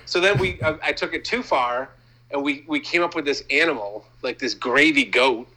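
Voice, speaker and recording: A man's voice: a little high, normal speed, pushed and bright, poor audio. A man from Maine, co-hosting a casual comedy chat, rambling and riffing on absurd bits with plenty of swearing.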